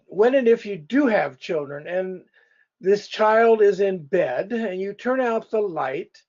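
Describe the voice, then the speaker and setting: A man's voice: high voice, a little mellow, lo-fi sound. A male pastor teaching a church couples class in a conversational way, speaking directly to the couples in the room.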